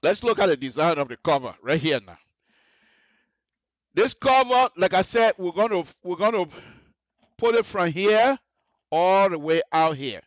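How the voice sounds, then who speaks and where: Speaking at normal speed in an expressive, high-sitting voice with no echo, a man tutors radio listeners from the studio on how roads are constructed and designed. He explains the details and keeps checking they're following along, asking "you see the difference?"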